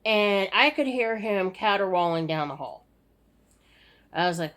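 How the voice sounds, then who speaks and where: This is a middle-aged woman recording a casual personal update at home late at night. She sounds weary and sighs often, rambling and restarting as she talks. Her voice sits at a middle pitch. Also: expressive, measured pace, fairly bright tone. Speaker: vlogger.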